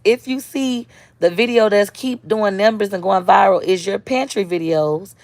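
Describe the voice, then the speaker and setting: A woman's voice: mid-range voice, creaky, a little mellow, no echo. A woman, talking casually and bluntly on a live stream as a social media creator, answering viewer comments.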